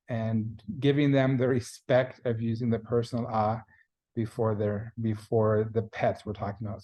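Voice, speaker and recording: A man lecturing as a Spanish instructor, with a mellow, dark-toned voice at an ordinary pitch. He walks through the grammar patiently and goes back over each point. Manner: patient, explanatory, repeats key points. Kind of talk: recorded lecture.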